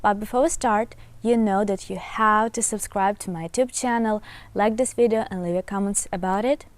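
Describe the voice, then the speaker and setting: A woman with a Ukrainian accent, a native Ukrainian speaker, teaching a language lesson outdoors, speaking slowly and carefully with many hesitations. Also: medium pitch, steady tone, no room sound. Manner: slow, careful teaching with frequent filler sounds. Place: outdoors in a garden.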